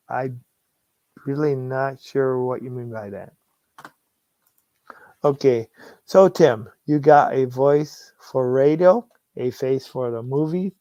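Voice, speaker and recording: A man's voice: mid-range voice, warm tone, no echo. A man hosting a casual sports livestream, reading viewer comments aloud, laughing often and restarting his phrases. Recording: dull lo-fi sound.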